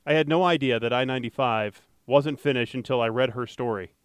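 A man's voice: medium pitch, fairly quick, clear, resonant tone, no echo. A man co-hosting a casual podcast, rambling through news stories with jokes and frequent self-corrections. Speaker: podcast co-host and traffic anchor.

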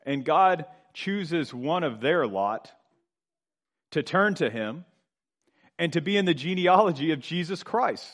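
A middle-aged man preaching a sermon. His delivery swells louder and then drops low and quiet. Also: animated, measured pace. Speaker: pastor.

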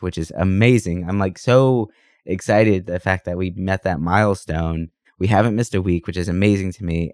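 A man's voice: low voice, darkish tone, no room sound, studio quality. A man co-hosting a podcast in casual chat, sick this week, talking in a rambling, enthusiastic way with lots of fillers. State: sick, under the weather. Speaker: podcast co-host. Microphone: podcast microphone.

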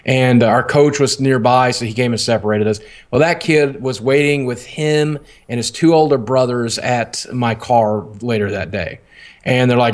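A man's voice: mid-range voice, normal speed. A man casually telling a long personal story, rambling and swearing, often laughing at himself.

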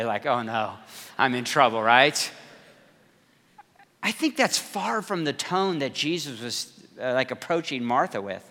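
A man in his fifties preaching a sermon in an energetic, conversational way, talking straight to the congregation. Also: fairly high pitch, big-room sound. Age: 50s. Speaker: pastor.

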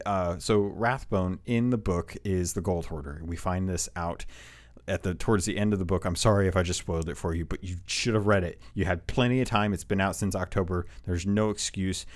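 A game lore video host with a slightly low voice delivers casual, excited commentary. His enthusiasm outpaces him, so he rambles, stumbles over words and restarts sentences.

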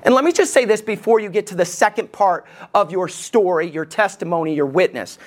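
A man preaching a sermon as lead pastor, animated, often asking the congregation questions. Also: high-pitched, brisk.

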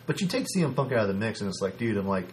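A man co-hosting a casual podcast, talking in an animated way with lots of restarts and laughter. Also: fairly low pitch, very fast, a little hiss or hum. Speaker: podcast co-host. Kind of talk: casual wrestling podcast chat.

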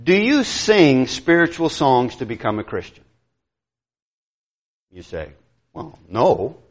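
A middle-aged man preaching a sermon, animated and conversational, acting out dialogue with quick asides. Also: mid-range voice, muffled recording.

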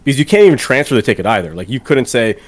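A man's voice: mid-range voice, big pitch swings, very fast. A man co-hosting a casual sports and music podcast, chatty and prone to emphatic rants. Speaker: podcast co-host. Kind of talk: casual chat.

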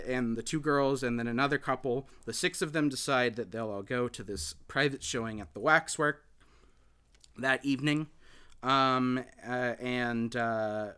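Bright, clear-voiced man rambling through a film recap. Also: medium pitch. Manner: rambling, hesitant, many filler words and restarts. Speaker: podcast host recapping a film. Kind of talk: casual film recap chat.

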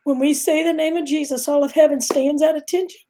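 High, mellow-voiced woman guest speaking earnestly. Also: fairly even intonation, a little fast, slight background noise. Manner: earnest, emphatic about faith. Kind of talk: faith talk show conversation.

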